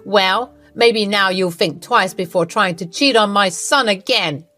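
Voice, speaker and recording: A woman's voice: medium pitch, a little slow, sharp tone, soft background music. A woman voicing a smug scheming mother-in-law. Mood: scolding. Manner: accusing, smug.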